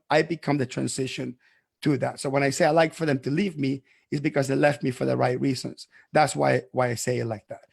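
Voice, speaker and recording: Gravelly, emphatic man debating. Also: mid-range voice. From abroad. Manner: emphatic, stumbling over restarts when interrupted. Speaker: accountant and podcast host. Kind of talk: heated podcast debate.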